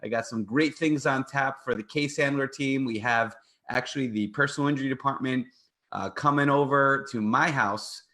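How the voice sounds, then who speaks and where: A middle-aged man, a personal injury attorney hosting a call-in radio show, speaks at a moderate pace in a mid-range voice with a sharp tone. He's upbeat and promotional, trading playful banter.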